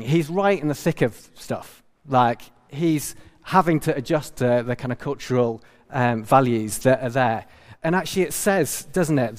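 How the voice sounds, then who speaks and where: A man giving a casual sermon, speaking in a halting way with frequent restarts. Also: medium pitch, long reverb tail. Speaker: preacher.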